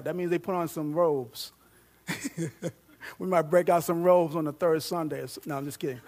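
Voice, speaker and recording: A man preaching a sermon, reading scripture aloud with growing excitement, joking with and questioning his congregation. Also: a little high, moderate pace. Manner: animated, rising to loud fervent reading; jokes with the congregation and asks them questions.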